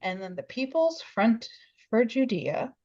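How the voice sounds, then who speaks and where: A woman co-hosting a podcast, chatting casually about a film and lively in how she retells its scenes. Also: on the high side, dry recording, muffled recording. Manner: animated, acts out scenes in quick voices. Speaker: podcast co-host. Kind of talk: casual film review chat.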